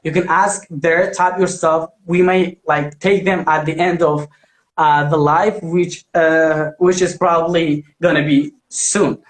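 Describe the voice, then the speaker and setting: High-voiced hesitant man hosting a live chat. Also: fairly even intonation, unhurried, echoey room. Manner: hesitant, many fillers. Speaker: host.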